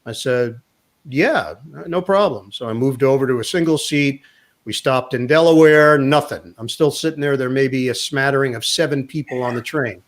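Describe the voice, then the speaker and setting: A man, a sports broadcaster, telling an animated anecdote in a casual interview and quoting people along the way. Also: mid-range voice, normal speed. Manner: animated anecdote teller, quotes others in voices.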